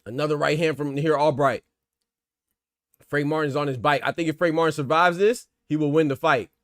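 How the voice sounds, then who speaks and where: A man hosting live boxing commentary, excitable and slangy, shouting out big moments and talking casually to his viewers. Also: on the high side, fairly quick, no room sound, clean studio sound. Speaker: boxing commentator and channel host.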